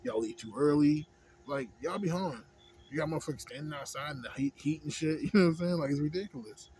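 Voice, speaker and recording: A man's voice: on the high side, fast talker, darkish tone, a little hiss or hum. A man, ranting in a vlog, rambling and swearing heavily, asking "you know what I'm saying" again and again. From Houston, Texas. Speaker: vlogger. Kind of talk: profane ranting monologue.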